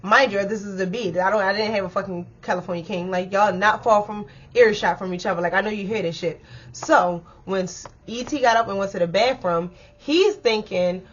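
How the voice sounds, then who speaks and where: Animated young woman telling a story. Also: medium pitch, brisk, husky, dull audio. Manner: animated, swearing, bursts of laughter. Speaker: vlogger telling a story time. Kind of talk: casual storytime chat to viewers.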